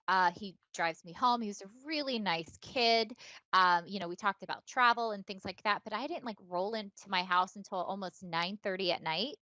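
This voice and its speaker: Rambling through a long story with plenty of fillers and the odd swear word, a female podcast co-host keeps the chat casual. Her mid-range voice comes across pushed and bright, with no room sound on a dull, dry, lo-fi recording.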